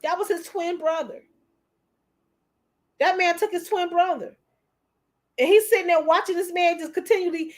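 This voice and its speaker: Emotional, preachy high-voiced woman. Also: fairly even intonation, brisk. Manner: preachy, repeats herself, calls listeners honey. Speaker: commentator. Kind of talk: emotional commentary.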